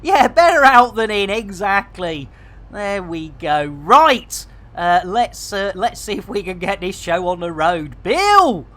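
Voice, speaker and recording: A man's voice: high-pitched, expressive, measured pace, fairly bright tone. A man rambling casually to his chat while streaming a game. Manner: chatty, rambling, jokey.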